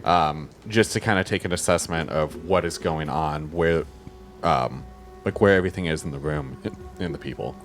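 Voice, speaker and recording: A man's voice: extremely low pitch, moderate pace, faint music behind. A man playing a tabletop role-playing game, thinking aloud with fillers. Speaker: player. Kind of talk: tabletop game play, casual chat.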